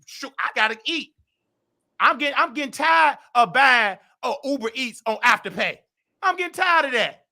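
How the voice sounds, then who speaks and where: A man hosting a gossip show, talking brashly and animatedly with a Southern US accent, trash-talking and shouting out his critics. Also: extremely high pitch, expressive, normal speed, creaky. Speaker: show host. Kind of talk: loud gossip commentary.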